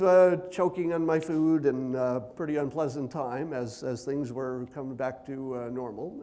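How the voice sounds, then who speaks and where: A man giving a conference keynote speech, conversational with dry self-deprecating humor, deliberately speaking at a raised pitch. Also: dark tone. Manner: loose, unhurried delivery with many fillers and asides.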